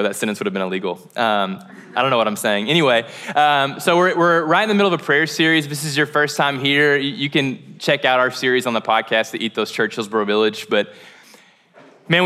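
A man's voice: medium pitch, pushed and bright, smooth. A male pastor preaching a sermon in a casual, joking, conversational way, with a lilt. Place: church sanctuary.

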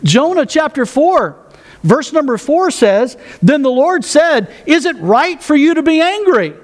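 A man's voice: extremely high pitch, very animated, measured pace. A man pastor preaching a sermon, folksy with joking asides, reading scripture aloud.

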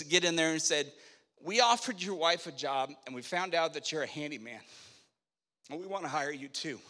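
A middle-aged man telling a personal faith story as a sermon, animated, acting out the dialogue of the people in it. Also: on the high side. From Spokane, Washington, USA. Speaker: preacher telling his testimony. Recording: long echo of a hall.

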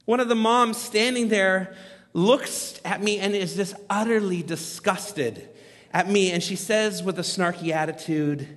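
A man in his thirties telling a story in a sermon as a pastor, animated and poking fun at himself. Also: high-pitched, moderate pace. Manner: animated, self-mocking humor. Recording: long reverb from a large hall.

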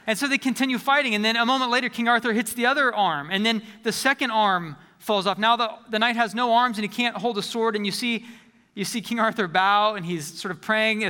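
A man's voice: sits high, bright, forceful tone, clean tone, big-room sound. A man preaching a sermon as a pastor, conversational, often repeating words as he restarts phrases.

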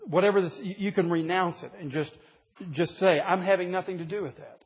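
Husky man preaching in an echoing hall. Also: high-pitched, brisk. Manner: earnest preaching with rising emphasis. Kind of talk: sermon to men. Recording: dull lo-fi recording in a reverberant hall.

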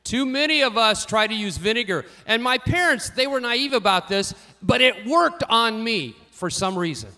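Man, pastor, sermon, high pitch, ringing bright tone, storytelling. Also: expressive, moderate pace, few pauses. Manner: storytelling, varies loudness widely, rising for emphasis.

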